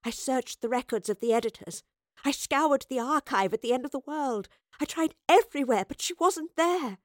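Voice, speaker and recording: Brief: soft, tearful older professor, voiced by a woman reading, hushed and earnest, dry close sound. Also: high voice, lively intonation, moderate pace, no room sound, pitched above the performer's own voice. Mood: grieving. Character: older female professor, gentle, grieving and guilt-ridden. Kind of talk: audiobook character voice.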